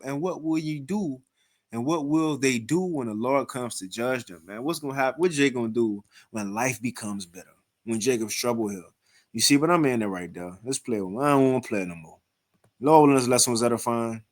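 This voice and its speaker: A man giving informal scripture commentary with readings, animated and mocking, often repeating and restarting words. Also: mid-range voice, moderate pace. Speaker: scripture teacher reacting to another video.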